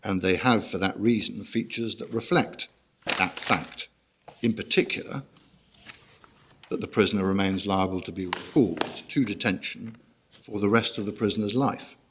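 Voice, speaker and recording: Brief: male barrister, lowish voice, measured courtroom submissions, formal and orderly. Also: background noise. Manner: measured, formal, guides the bench through documents. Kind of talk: courtroom legal argument. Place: court hearing room.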